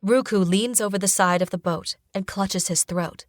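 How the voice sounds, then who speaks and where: A woman reading a first-person fantasy audiobook in a steady narration style. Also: mid-range voice, moderate pace, dry recording, clean studio sound.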